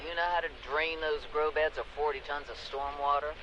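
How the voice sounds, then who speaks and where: An actor playing a blunt, grim middle-aged castaway in a video game voice log, talking in a challenging way. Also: male voice, on the high side, steady tone, fairly quick, muffled recording, background noise, natural voice.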